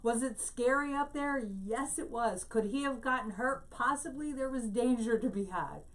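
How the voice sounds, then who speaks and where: Woman teaching scripture from a distance. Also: fairly high pitch. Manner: explains Hebrew words slowly, tells a story. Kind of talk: Bible teaching.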